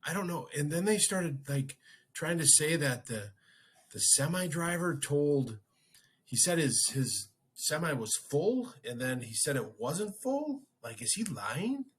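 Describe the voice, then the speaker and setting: A man's voice: a little high, big pitch swings, unhurried, husky. A man hosting a podcast, casually telling a story and acting out his own reactions. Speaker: podcast host.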